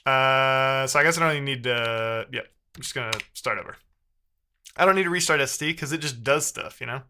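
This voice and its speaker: A man's voice: mid-range voice, fairly quick, pushed and bright, clean tone. A man live-streaming himself debugging code, thinking aloud and trading sarcastic banter with his chat. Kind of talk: casual live-stream coding commentary.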